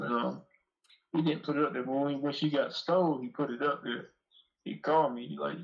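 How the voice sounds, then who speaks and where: A man as an interview guest, telling long, rambling, profane stories in rough street talk. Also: fairly high pitch, fast, a bit bright. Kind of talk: casual storytelling interview. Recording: dull lo-fi audio.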